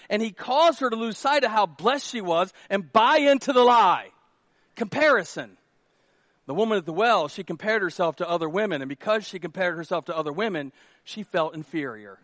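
A male pastor preaching with a notably high, bright-sounding voice, animated and playful, sometimes breaking into shouts. The sound is dry and close, with no room echo. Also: brisk. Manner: animated, jokey, shouting at times. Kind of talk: sermon.

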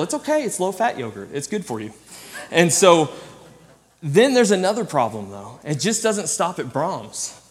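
Youth pastor, male, somewhat high voice, lively self-deprecating sermon delivery, long church reverb. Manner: animated storytelling with self-deprecating humor. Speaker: student ministry pastor. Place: church sanctuary.

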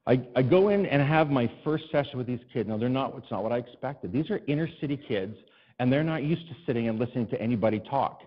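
A male pastor telling a personal story in a sermon, animated and self-deprecating, rising to exasperated cries to God. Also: mid-range voice, fast talker, in a large hall, highs cut off.

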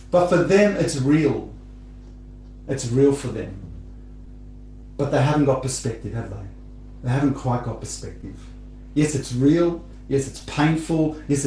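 A man's voice: fairly high pitch, a little mellow, slight background noise. Man preaching a sermon in an echoey room. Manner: conversational, repeats phrases, rises animatedly in stories.

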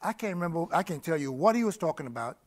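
With a fairly high voice, lively intonation and quick delivery, a middle-aged man tells his life story as a testimony sermon. Laughter, repetition and sudden energetic outbursts run through it.

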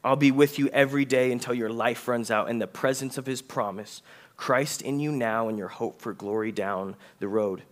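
A male pastor preaching a conversational sermon, reading scripture aloud, asking the congregation questions and slowing down for emphasis. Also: medium pitch.

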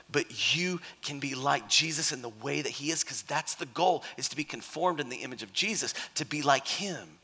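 A lively man preaches a sermon, voice higher than most and sharply bright. He chats with the crowd and slips into characters for quotes. The sound rings with long reverb from a big hall. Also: breathy edge. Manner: animated, conversational, acts out quotes.

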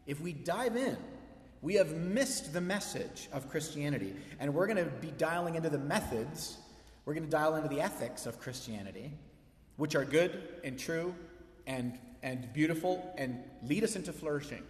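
Conversational pastor in an echoey hall. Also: male voice, on the high side, animated, normal speed. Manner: conversational storytelling with humor. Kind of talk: sermon. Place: church sanctuary.

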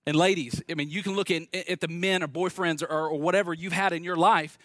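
A man's voice: on the high side, fairly even intonation, brisk, fairly bright tone, dry recording, studio quality. Wry, conversational male preacher. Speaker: pastor. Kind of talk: sermon.

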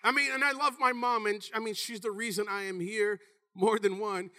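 A man in his thirties preaching a sermon with animated, emphatic delivery. He calls out to the congregation and sometimes breaks into shouts. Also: high voice, fairly quick.

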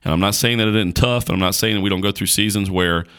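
A man's voice: fairly low pitch, fast talker, fairly bright tone, clear, resonant tone. A male podcast host preaching on a Bible passage in an emphatic, repetitive, colloquial way.

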